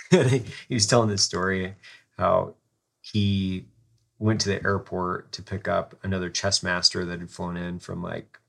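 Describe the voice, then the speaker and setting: A man's voice: sits low, flat delivery, a little slow, creaky. A man hosting a podcast, telling a rambling story and swearing freely in casual chat.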